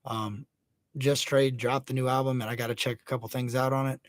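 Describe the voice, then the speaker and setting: A man's voice: medium pitch, little pitch movement, fairly quick, no room sound. Dude hosting a casual livestream, laid-back talk, dry close sound, hypes his viewers. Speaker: livestream host.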